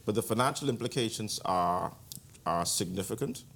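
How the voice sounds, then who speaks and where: A man, speaking as a guest commentator in an interview, measured and deliberate with frequent restarts. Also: lowish voice, animated, vocal fry, fairly bright tone, a little hiss or hum. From Bahamas. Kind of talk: interview answer.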